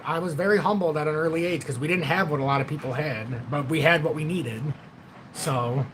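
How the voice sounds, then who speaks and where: Man in his forties, livestream host, casual rambling chat, blunt with swearing, slightly high voice, faint background hiss. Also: a bit bright. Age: 40s.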